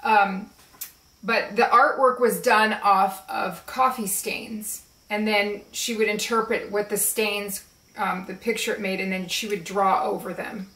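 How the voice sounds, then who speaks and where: Woman, slow relaxed chat, echoey room, voice a little far from the mic. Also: mid-range voice. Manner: slow, relaxed, chatty, with fillers. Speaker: spiritual video creator. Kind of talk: casual show-and-tell chat. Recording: roomy echo, voice a bit off-mic.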